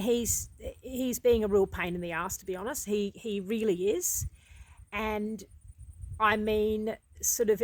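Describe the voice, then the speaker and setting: A woman's voice: mid-range voice, no room sound, rough recording. Australian woman vlogger musing aloud, rambling and conversational; dry, close sound. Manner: rambling and conversational, with many restarts. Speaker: habits vlogger. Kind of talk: casual reflective monologue.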